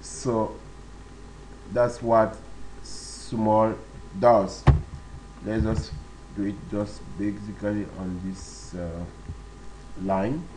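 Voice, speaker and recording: Slow, patient male coding tutor. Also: on the low side, flat delivery, noisy background. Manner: slow, step-by-step, with frequent fillers and repetitions. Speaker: web development tutor. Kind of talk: screen-recorded coding tutorial.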